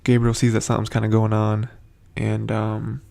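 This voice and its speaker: A man's voice: fairly low pitch, completely flat delivery, moderate pace, gravelly, warm tone. A man hosting a casual, rambling TV episode recap, full of hesitant fillers. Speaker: host.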